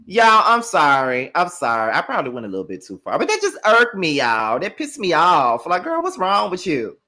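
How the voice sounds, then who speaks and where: His slightly high voice swoops wildly in pitch, sounding pushed and bright at a normal speed. Hosting a reality TV review, he delivers a heated, profanity-laden rant right at his audience.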